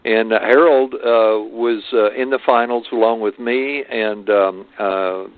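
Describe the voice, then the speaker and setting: A man's voice: mid-range voice, fairly even intonation, a little slow. An older man recounting stories in an interview, talking in a rambling way with many hesitations and restarts. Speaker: martial arts guest. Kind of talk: storytelling interview. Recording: phone-like lo-fi line.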